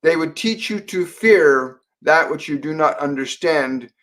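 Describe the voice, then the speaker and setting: Gentle, meandering male psychic medium. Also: on the high side, animated. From Canada. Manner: gentle, meandering, repeats phrases, halting fillers. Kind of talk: live-stream Q&A, channeling messages.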